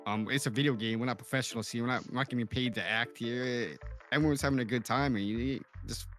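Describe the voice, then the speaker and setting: A man guesting on a casual podcast as a roleplay streamer, talking animatedly with quick restarts. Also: medium pitch, fairly bright tone, faint music behind. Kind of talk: casual chat.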